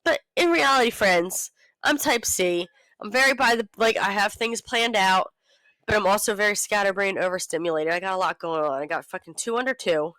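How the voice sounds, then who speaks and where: A woman's voice: medium pitch, a little fast, no echo, poor audio. A woman in her thirties co-hosting a casual podcast, ranting and telling stories with lots of swearing. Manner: profane, ranting, animated storytelling. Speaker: podcast co-host. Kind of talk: casual chat.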